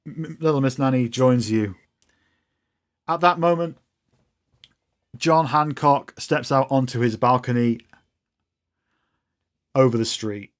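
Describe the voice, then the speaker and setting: Man narrating as game master. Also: medium pitch. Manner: loose descriptive narration with restarts.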